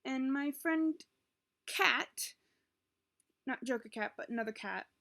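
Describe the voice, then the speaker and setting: A woman's voice: sits high, slow, gravelly, a bit bright. A woman in her late teens, talking through a webcam at home in a rambling, emotional, self-interrupting way, with a sore throat. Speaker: vlogger. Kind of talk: confessional webcam vlog. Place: at home, indoors. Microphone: built-in computer webcam mic.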